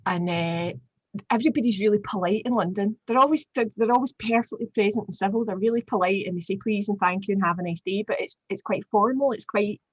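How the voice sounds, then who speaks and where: A Glaswegian woman in her forties, a guest telling animated stories in a casual chat with lots of fillers. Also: medium pitch, fast, breathy edge, no room sound, dull audio. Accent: Glaswegian Scottish. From Glasgow, Scotland. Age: 40s. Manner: animated storyteller, chatty with many fillers.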